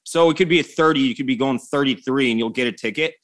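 A man's voice: medium pitch, fast, a bit bright. Blunt profane man in his thirties. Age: 30s. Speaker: podcast co-host. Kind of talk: casual chat.

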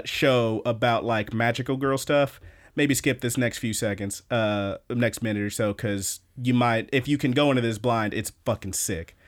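A young man co-hosting a podcast in casual chat, excitable and freely swearing as he recaps an anime. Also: mid-range voice, clean tone. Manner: excitable, swears freely, quotes scenes in voices. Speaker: podcast co-host.

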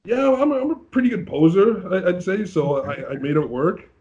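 A bodybuilding competitor from Canada in a casual interview, telling his story with animated acted-out quotes. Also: high voice, moderate pace, lo-fi sound.

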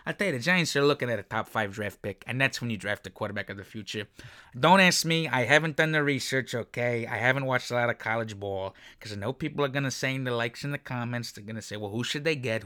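Profane New sports ranter, bright voice. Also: male voice, lowish voice. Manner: emotional, swearing, sarcastic. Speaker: sports commentator.

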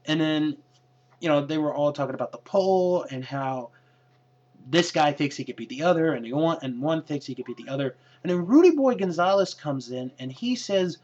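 A man casually recapping a wrestling show in a hesitant way, often pausing on fillers. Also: on the high side, darkish tone. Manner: hesitant, with many fillers and restarts. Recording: lo-fi dull recording.

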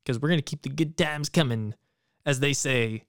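A man's voice: mid-range voice, moderate pace, no room sound, studio quality. A man co-hosting a podcast in casual chat, joking and profane. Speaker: podcast co-host.

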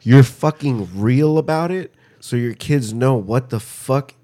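A man's voice: mid-range voice, unhurried. A man co-hosting a podcast, ranting in casual chat with heavy swearing. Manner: profane, ranting, bursts into mock yelling. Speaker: podcast co-host.

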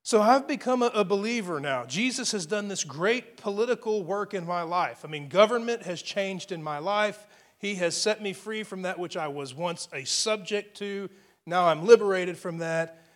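A man's voice: high-pitched, animated, moderate pace. A man preaching a sermon, earnest, stopping often to restart a phrase and add "I mean" asides. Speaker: pastor.

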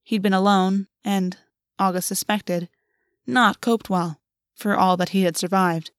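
A woman narrating a novel in an even, measured audiobook reading. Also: mid-range voice, no room sound, studio quality. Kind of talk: scripted narration.

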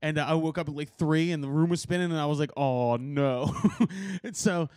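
A man's voice: a little high, fairly even intonation, fast talker, a little mellow, no room sound, clean studio sound. A man hosting a podcast, telling a rambling story in casual chat, laughing often and swearing. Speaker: podcast host. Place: rehearsal studio.

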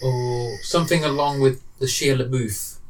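A man's voice: medium pitch, fairly even intonation, normal speed, far from the mic, low-quality recording. Male co-host, mid voice, hesitant chatter, off-mic. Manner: hesitant, rambling, lots of fillers. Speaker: podcast co-host. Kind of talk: casual podcast chat.

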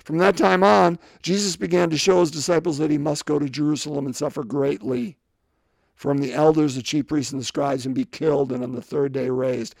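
A man with a somewhat high, gravelly voice preaches a sermon in a relaxed, talky way. He keeps asking his listeners questions and acts out the quoted scripture with changing voices. The sound is close and dry. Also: fairly quick, no echo. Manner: conversational, asks rhetorical questions.

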